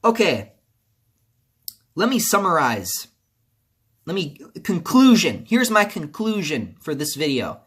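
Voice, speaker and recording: A man's voice: fairly high pitch, big pitch swings, slow, pauses often, fairly bright tone, husky. A man ranting about a video game as a video creator, angry and profane, repeating himself as he vents. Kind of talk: video game commentary rant.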